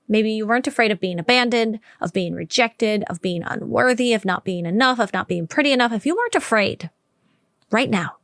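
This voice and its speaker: A woman hosts an advice podcast in a direct, conversational way and draws out key words slowly for emphasis. Her voice sits a little high. The sound is dry and close, with no room around it. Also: no room sound. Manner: warm, direct, conversational with slow emphatic stretches. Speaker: podcast host. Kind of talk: solo podcast advice talk.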